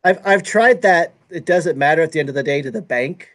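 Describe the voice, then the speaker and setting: Guy on a game stream teasing his friends, dry humor, higher voice that jumps all over. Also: lively intonation, a little fast, fairly bright tone. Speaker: co-host of a board game live stream. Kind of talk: casual group chat.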